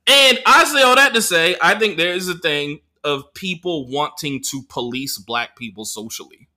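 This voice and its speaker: Animated, bright-voiced male comedian. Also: on the high side, moderate pace. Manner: animated storyteller, profane, laughing often. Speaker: podcast co-host, comedian. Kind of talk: casual podcast chat.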